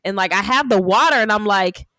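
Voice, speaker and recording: Animated woman telling a story, dry sound. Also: mid-range voice, fairly quick, no echo. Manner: animated storyteller acting out quotes, frequent "like". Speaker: podcast co-host. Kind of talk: casual storytelling chat.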